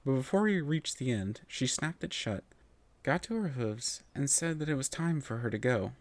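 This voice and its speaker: A man narrating a first-person story in an expressive, melodic reading voice. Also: medium pitch, normal speed, no room sound.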